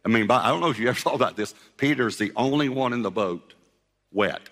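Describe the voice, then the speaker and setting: A man's voice: mid-range voice, quick pace, a bit bright, big-room sound. A man giving a sermon as a pastor, telling the story with humor and acting out the voices of its people.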